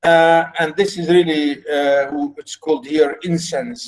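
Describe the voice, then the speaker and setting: A man giving a literature lecture. He talks slowly and haltingly, restarting often, in a fairly high voice. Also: steady tone, low-quality recording. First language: Arabic. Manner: halting, many fillers and restarts. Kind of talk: lecture explaining a play.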